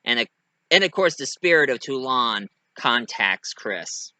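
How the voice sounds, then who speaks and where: A man's voice: measured pace, dry recording. A man casually telling his own fan story, rambling and hesitant with many fillers. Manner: rambling, hesitant, lively pitch.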